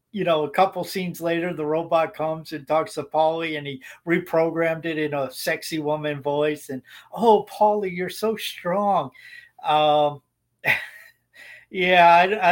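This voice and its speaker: A man's voice: on the high side, steady tone, normal speed, hardly any pauses. A man co-hosting a podcast, giving blunt opinions in casual chat and rambling with frequent restarts. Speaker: podcast co-host.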